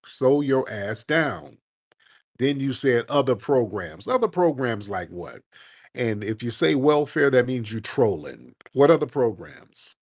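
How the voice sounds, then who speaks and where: A man hosting a call-in show, talking bluntly and combatively with plenty of cursing. His voice sits at a middle pitch. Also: sing-song, a little slow, breathy edge. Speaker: show host. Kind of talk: heated live call-in debate.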